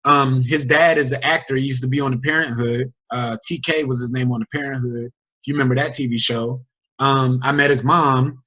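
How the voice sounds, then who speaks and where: A man coaching his team on a group video call, telling a story with an energetic, chatty manner and questions to the group. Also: mid-range voice, a little fast. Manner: energetic, chatty, sports metaphors and crowd questions. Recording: dull lo-fi video call audio.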